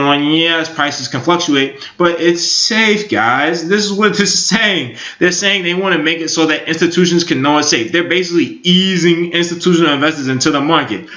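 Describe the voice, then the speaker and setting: Bright-voiced young man in echoey room. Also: fairly high pitch. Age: 20s. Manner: rambling, filler-heavy, upbeat. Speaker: crypto YouTuber. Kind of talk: casual market commentary. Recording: echoey room, dull lo-fi sound.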